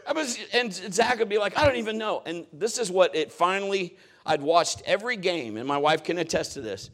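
Animated middle-aged male preacher. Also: high voice, moderate pace. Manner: animated storytelling, acting out voices and shouting at peaks. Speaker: pastor. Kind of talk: sermon.

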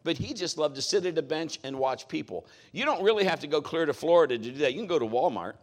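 A man's voice: on the high side, animated, fast. A middle-aged man preaching a sermon as a pastor, talking in a conversational, folksy way with joking asides.

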